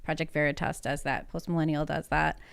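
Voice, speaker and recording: A woman's voice: deep voice, a little fast, vocal fry, no echo, studio quality. A woman speaking as a guest on a panel discussion, steadily listing her points one after another. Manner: steady, lists points in series. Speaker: guest editor.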